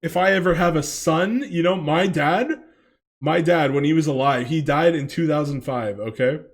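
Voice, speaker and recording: A man's voice: fairly high pitch, moderate pace. A man in his late twenties ranting in a reaction commentary, swearing a lot, rambling and laughing often.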